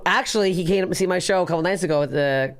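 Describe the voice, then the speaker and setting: A young adult woman from Canada hosting a casual podcast, loud, brash and excitable, swearing freely. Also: on the low side, fast talker. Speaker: podcast host.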